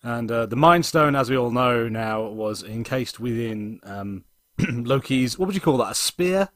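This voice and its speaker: A man co-hosting a casual podcast, improvising a comic story with many pauses and fillers. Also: mid-range voice, expressive, no room sound. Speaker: podcast co-host.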